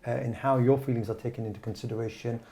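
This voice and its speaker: A male host leads a panel discussion with a gravelly, mellow voice. He asks his guests probing questions that build in layers. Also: medium pitch, fairly even intonation, very fast. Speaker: host, interviewer.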